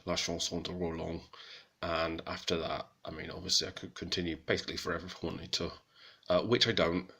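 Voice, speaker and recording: A man giving a casual, hesitant lesson on an old text, with many pauses and self-corrections. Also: low voice, bright, forceful tone. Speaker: hobbyist presenter of Old French texts.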